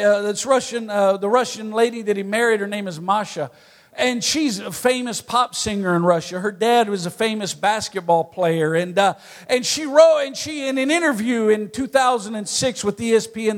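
A married man preaching a sermon in a folksy storytelling way, telling personal stories between points. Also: high-pitched. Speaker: pastor. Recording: long hall reverb.

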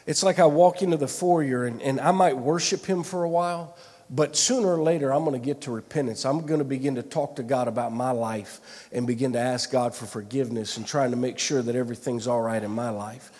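A man's voice: medium pitch, steady tone, fairly quick, darkish tone. A man preaching a sermon, telling a personal story earnestly, with frequent restarts and repeated phrases. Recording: long hall reverb.

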